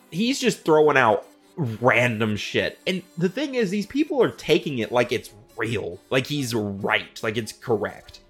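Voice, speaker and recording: A young man with a lively, swooping delivery tells old myths like gossip, cursing freely and slipping into quick impressions of the characters. His voice sits mid-range, and faint music plays behind him. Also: mid-range voice. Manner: animated, profane, slangy, mimics characters in quick asides. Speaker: podcast host. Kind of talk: casual comedic retelling.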